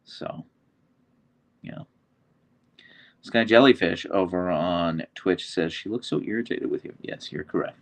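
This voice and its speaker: Speaking low and a bit slowly, with long pauses, a man hosts a casual phone livestream. The livestream host reads viewers' comments aloud and talks to his dogs in a relaxed way.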